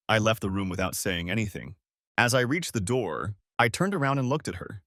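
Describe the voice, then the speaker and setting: Male narrator, dramatic first-person audiobook reading, lively pitch, dry close sound. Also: brisk, no echo. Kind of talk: scripted story narration.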